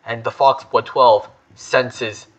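A man voicing a grave male trailer narrator, telling the scene slowly and dramatically. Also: mid-range voice, steady tone, fairly bright tone, lo-fi sound, pitched below the performer's own voice. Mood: dramatic. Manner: slow, dramatic storytelling.

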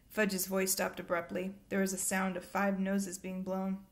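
A woman reading a novel aloud in a plain, even storytelling voice. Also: medium pitch, unhurried. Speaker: reader.

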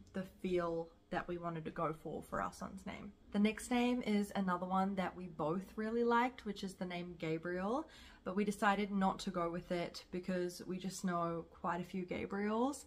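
A woman's voice: mid-range voice, unhurried. A young woman from South Africa with a New Zealand accent, chatting casually and enthusiastically to camera as a vlogger.

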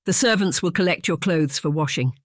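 The audiobook narrator voicing a cheerful young female housemaid who talks briskly and deferentially. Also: mid-range voice, dry recording, clean studio sound, natural voice. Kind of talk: audiobook character voice.

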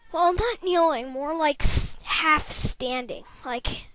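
A high-pitched, bright female voice gives loose running commentary on her gameplay from a room at home. She rambles, circles back and fixes her own sentences, speaking into a desktop computer microphone. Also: animated, moderate pace, few pauses. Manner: rambling, chatty, self-correcting. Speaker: gameplay video maker.

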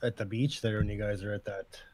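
A man's voice: on the low side, level tone, fairly quick, darkish tone, no echo. A man chatting casually on a live stream, speaking loosely with "like" fillers. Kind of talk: casual chat.

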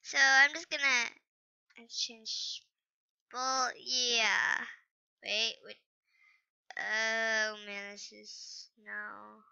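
A woman chats her way through an online game in an unhurried, rambling, hesitant manner, often stopping to apologise. Her voice sits a little high and sounds very bright and clean. The lo-fi computer mic dulls it slightly. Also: flat delivery, gravelly, smooth. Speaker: gaming channel host. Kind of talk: casual gameplay commentary.

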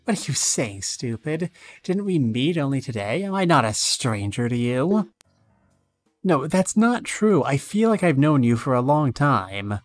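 A man reads a game's conversation aloud, taking both sides in a mid-pitched voice. Now and then his voice lifts sharply. Soft game music plays behind him. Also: big pitch swings, moderate pace. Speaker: streamer. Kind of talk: reading game dialogue aloud.

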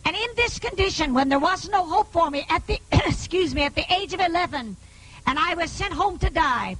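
High, bright-voiced woman preaching emphatically. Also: expressive, brisk, poor audio. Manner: emphatic preaching, often rising to a shout. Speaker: evangelist giving her testimony. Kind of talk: preached healing testimony to a live audience.

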